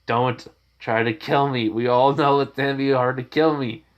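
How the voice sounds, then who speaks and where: A man's voice: mid-range voice, steady tone, normal speed, dull audio, lightly acted. A man voicing a cocky but panicky teenage boy ninja, pleading nervously.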